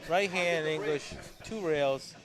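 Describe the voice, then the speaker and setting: A man's voice: on the high side, slow pace, fairly bright tone. A man commentating a pool match in a pool hall, explaining shots and teasing his co-host. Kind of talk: casual play-by-play commentary.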